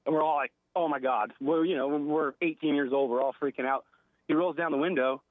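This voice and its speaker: A man's voice: a little high, steady tone, brisk, no echo. A man in his forties calling in to a radio show, telling a rambling story full of fillers. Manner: rambling with many fillers and laughs. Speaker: caller. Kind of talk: casual phone-in storytelling. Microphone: phone. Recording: tinny phone line.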